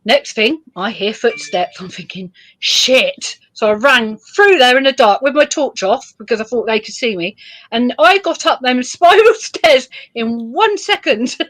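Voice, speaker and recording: A woman with a slightly high voice, chatting on a live stream and giggling her way through animated stories, acting out what others said. She tells tales about exploring with easy warmth. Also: normal speed. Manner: giggly, lively storyteller, acts out quotes. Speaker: urban explorer guest. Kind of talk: casual live chat.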